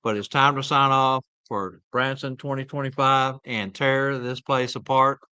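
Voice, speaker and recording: A man's voice: mid-range voice, fairly even intonation, unhurried, sharp tone, smooth, no echo. A man hosting a live show in a folksy, easygoing way, wrapping things up and thanking everyone. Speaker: host. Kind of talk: casual live show chat.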